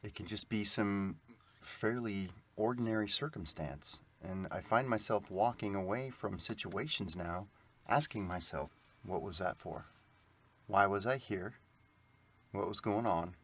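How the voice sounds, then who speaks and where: Low-voiced man reflecting calmly. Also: a little slow, slight background noise. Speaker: podcast co-host. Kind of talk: reflective faith podcast talk.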